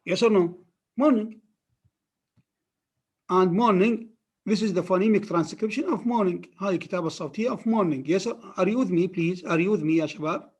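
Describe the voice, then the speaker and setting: A man's voice: high voice, expressive, fast, darkish tone, slightly rough. A man lecturing a class on phonetics, repeating words and often checking that his students follow. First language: Arabic.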